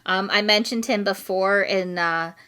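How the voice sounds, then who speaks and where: A woman's voice: mid-range voice, fairly even intonation, unhurried, pushed and bright, clear, resonant tone. A woman co-hosting a casual review podcast, giggly and hesitant with frequent ums. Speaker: podcast co-host reviewing haunted attractions. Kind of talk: casual chat.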